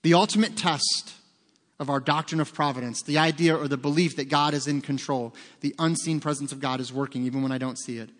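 A man's voice: mid-range voice, steady tone, fast talker, hardly any pauses. A man preaching a sermon as pastor, talking conversationally with joking asides. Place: church sanctuary. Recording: long reverb of a large hall.

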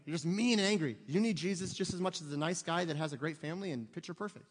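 In a sermon echoing with the lengthy reverb of a big hall, a man preaches with force in a voice a little high for a male. He presses his congregation with rhetorical questions.

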